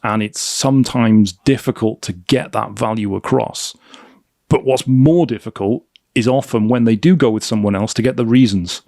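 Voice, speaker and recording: Low gravelly guy hosting a podcast, kinda hesitant, dry close sound. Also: moderate pace, darkish tone, dry recording. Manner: thoughtful, hesitant restarts. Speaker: podcast host. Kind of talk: podcast interview.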